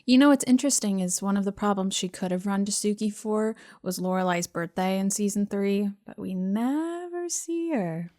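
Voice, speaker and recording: A woman's voice: medium pitch, moderate pace, few pauses, warm tone. A woman co-hosting a podcast in casual chat, working through her thoughts with many fillers and self-corrections. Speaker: podcast co-host.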